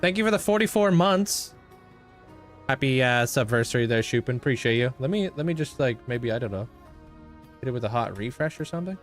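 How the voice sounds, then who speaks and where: A man's voice: medium pitch, lively intonation, a little fast, faint music behind. A young man livestreaming a game, chatting casually and greeting viewers by name. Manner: laid-back, thanks and greets viewers by name. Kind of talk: casual chat with live viewers while playing.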